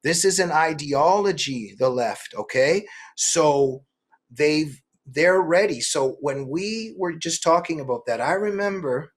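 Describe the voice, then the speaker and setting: Middle-aged male guest author; animated, restless storyteller with a slightly raised voice. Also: on the high side. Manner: animated storytelling, many quick restarts. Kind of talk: political interview.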